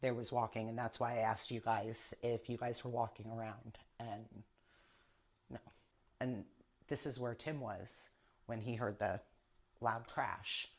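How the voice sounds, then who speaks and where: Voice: mid-range voice, steady tone, a little slow. A medium walking through a church basement, describing felt presences in a rambling, uneasy way with many fillers. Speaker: psychic medium on an investigation. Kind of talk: paranormal walkthrough narration.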